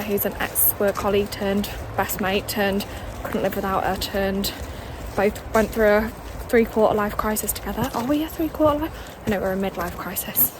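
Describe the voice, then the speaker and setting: A woman in her late twenties chatting as a vlogger on a cold outdoor walk, bubbly, and a little out of breath from the climb. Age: late 20s. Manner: chatty and bubbly, high sing-song baby talk to her dog. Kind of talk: casual vlog chat. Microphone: phone held while walking. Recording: outdoor phone audio with clear background noise.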